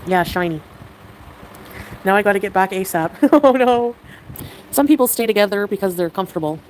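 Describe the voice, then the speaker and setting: A woman chatting casually on a livestream, excitable and giggly, with quick swings in mood. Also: mid-range voice, a little hiss or hum, poor audio.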